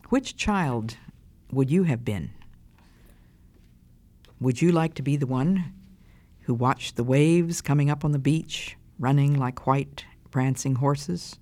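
A storyteller reading a children's tale aloud and then asking the listeners about its lesson in an animated, questioning way. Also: mid-range voice.

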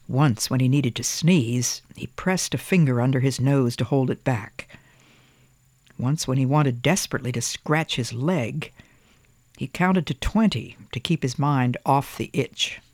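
A storyteller reading a picture book aloud in a gentle, expressive way. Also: medium pitch, no room sound.

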